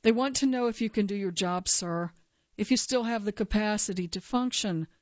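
A woman reading the lines of a gentle, worried female nurse who soothes her patient. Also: medium pitch, normal speed, no echo, highs cut off, natural voice.

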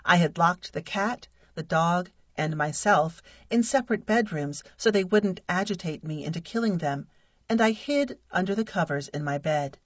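A married woman reading a humorous personal essay aloud in a wry, deadpan way. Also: lowish voice, moderate pace, no room sound. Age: adult. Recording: dull lo-fi dry recording.

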